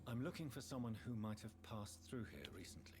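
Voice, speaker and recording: An actor playing a grave, formal male vampire protagonist in a video game, polite and measured. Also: mid-range voice, expressive, soft background music, natural voice.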